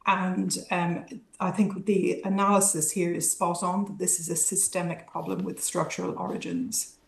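A woman's voice: lowish voice, level tone, normal speed, creaky, roomy sound, a little hiss or hum. A woman academic speaking as a guest in a news interview, thoughtful and analytical, with frequent ums and restarts. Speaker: academic guest, healthcare researcher.

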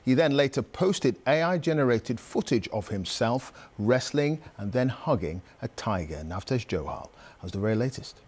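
A man presenting the news in a clear, formal read, handing over to reporters. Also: mid-range voice, expressive, normal speed, a little mellow. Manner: clear, formal reading with small slips. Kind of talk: news anchoring.

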